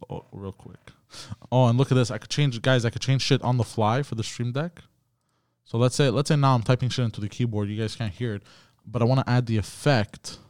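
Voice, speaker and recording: A man's voice: mid-range voice, darkish tone, smooth, dry recording, clean studio sound. A man streaming live, chatting casually and profanely with his viewers in a rambling way. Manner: profane, rambling, talks to chat. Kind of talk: casual ranting stream chat.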